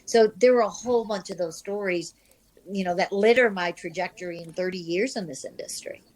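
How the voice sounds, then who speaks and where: A woman's voice: mid-range voice, brisk, poor audio. Woman telling candid career stories. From Midwest of the United States. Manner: animated, self-deprecating anecdotes with restarts. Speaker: sports reporter, interview guest. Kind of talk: candid conversational storytelling.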